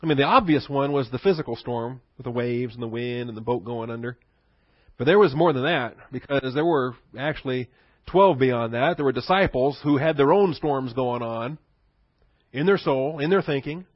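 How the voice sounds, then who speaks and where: A man's voice: mid-range voice, moderate pace, no room sound, lo-fi sound. A male pastor preaching a sermon in a conversational teaching manner, asking rhetorical questions and chuckling.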